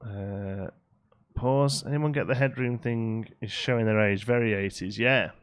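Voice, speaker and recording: Casual male streamer, lowish voice, talks through his building and chats with viewers. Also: unhurried. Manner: chatty, reads out chat and answers it. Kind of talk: casual live-stream commentary while building.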